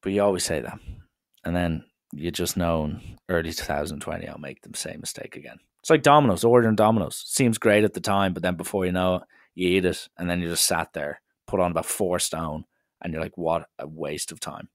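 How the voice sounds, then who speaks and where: A young man hosting a solo comedy podcast, telling stories in an animated way with swearing and acted-out dialogue. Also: low voice, a little fast, no room sound, studio quality. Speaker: podcast host.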